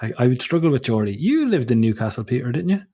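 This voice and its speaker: A man's voice: medium pitch, big pitch swings, quick pace, warm tone. Playful male podcast host who drives the chat with questions. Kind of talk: casual chat.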